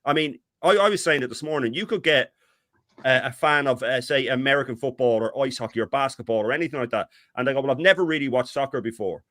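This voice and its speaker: A middle-aged man co-hosting a fan talk stream, ranting in an animated, exasperated way. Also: mid-range voice, fast, no echo, clean studio sound. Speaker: co-host.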